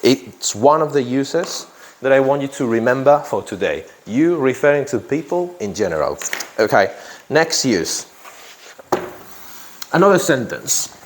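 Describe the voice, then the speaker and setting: A man's voice: mid-range voice, big pitch swings, a little slow, a little hiss or hum. A man teaching an English grammar lesson to a class, who repeats key phrases and often checks in with "yeah?".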